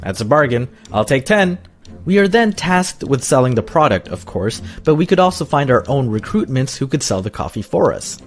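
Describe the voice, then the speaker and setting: A man's voice: mid-range voice, sing-song, brisk, hardly any pauses, soft background music. A man in his thirties narrating a personal story in a sarcastic, self-mocking way.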